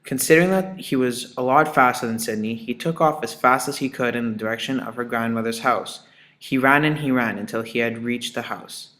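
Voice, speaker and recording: A man reading a fairy tale aloud as narrator, plain and even. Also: medium pitch, a little fast. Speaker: student reader.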